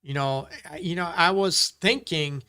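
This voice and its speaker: Earnest bright-voiced male counselor. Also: a little high, a little slow, clear, resonant tone. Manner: earnest, repetitive, acts out quoted dialogue. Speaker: relationship counselor answering viewer questions. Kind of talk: casual live Q&A advice talk.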